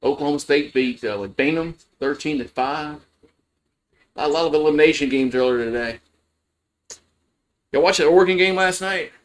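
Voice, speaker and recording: A man's voice: a little high, normal speed, long pauses. A man giving casual, rambling play-by-play of a college baseball game on a livestream, full of fillers and restarts. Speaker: fan play-by-play host.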